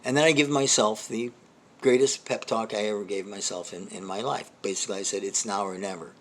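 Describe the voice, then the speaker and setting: A man's voice: fairly low pitch, fairly even intonation, fairly quick. An older man and comedy host telling a long personal story in a rambling, self-deprecating way, with many restarts and asides. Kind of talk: storytelling monologue.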